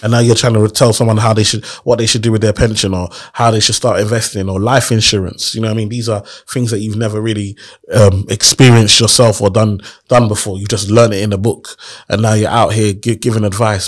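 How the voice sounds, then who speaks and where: A man's voice: lowish voice, steady tone, a little fast. A man tells his story in a casual interview, earnest and motivational, often asking rhetorical questions. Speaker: guest.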